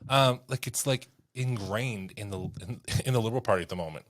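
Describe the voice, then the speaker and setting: Canadian male podcast co-host, lower voice, earnest and a bit hesitant in casual talk. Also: brisk. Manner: earnest, hesitant, searches for words. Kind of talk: casual political chat.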